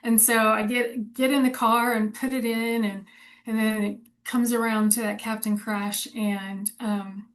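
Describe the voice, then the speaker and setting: A woman's voice: fairly high pitch, flat delivery, a little slow. A woman in her forties chatting casually and candidly, rambling and laughing often. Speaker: co-host. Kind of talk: casual chat.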